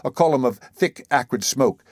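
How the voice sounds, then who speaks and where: A man's voice: mid-range voice, expressive, darkish tone, dry recording. Man reading a classic novel, dry sound. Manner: measured, dramatic first-person reading. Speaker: audiobook narrator. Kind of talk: scripted audiobook narration.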